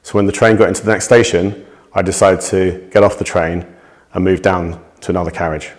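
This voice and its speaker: A man with a deep, low voice tells of something that happened to him. He speaks in a measured, steady way, with a few small restarts as he thinks. The delivery stays plain and unhurried throughout. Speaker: witness giving a testimony. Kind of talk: recounting a personal incident to camera.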